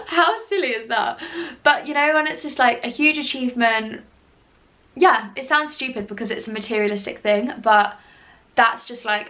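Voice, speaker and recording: A woman's voice: on the high side, normal speed, bright, forceful tone. Chatty gushing young woman vlogger. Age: 20s. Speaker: lifestyle vlogger. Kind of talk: casual chat to camera.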